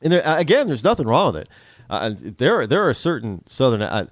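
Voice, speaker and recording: Male talk host, northern American accent, lively pitch, dry close recording, rambling monologue. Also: moderate pace, no echo. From northern United States. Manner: rambling, with many restarts and repeated words. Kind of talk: casual solo monologue.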